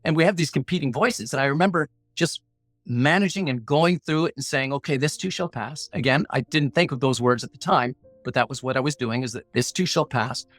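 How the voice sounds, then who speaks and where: A middle-aged man, a negotiation coach appearing as a podcast guest, tells a personal story in a medium-pitched, slightly quick, somewhat bright voice. He's earnest, blunt and plain-spoken, with a punchy motivational style, and he acts out his inner voices. The recording has no echo, just faint music underneath.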